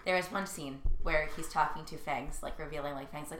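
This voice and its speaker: A chatty woman co-hosting a podcast, retelling scenes with lively, laughing energy. Her voice is bright and clear, and the recording has a roomy echo. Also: low voice, a little fast. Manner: laughing, chatty, animated storytelling. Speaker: podcast co-host. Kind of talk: casual chat about a TV show. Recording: roomy echoey room.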